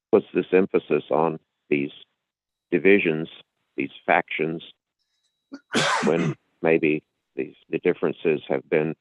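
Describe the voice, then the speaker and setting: Deep-voiced man lecturing over a tinny line. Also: dry recording. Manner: lecturing, with frequent restarts and repetitions. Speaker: podcast host. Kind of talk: casual explanatory talk. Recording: tinny phone-like line, dry.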